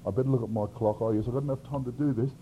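A man preaching an expository sermon, swinging from loud emphasis to quiet asides. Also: mid-range voice, steady tone, rapid-fire, a little hiss or hum. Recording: dull lo-fi sermon recording.

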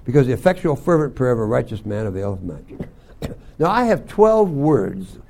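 An older man teaching a Bible school class, telling folksy stories and often clearing his throat. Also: medium pitch, sing-song, moderate pace, dark tone. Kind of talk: sermon to young students.

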